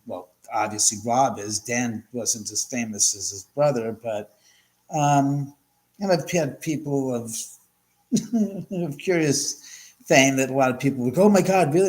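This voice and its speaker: A man's voice: medium pitch, darkish tone. A middle-aged man hosting a casual livestream, chatting and rambling as he answers viewer comments, laughing often and restarting sentences. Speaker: livestream host.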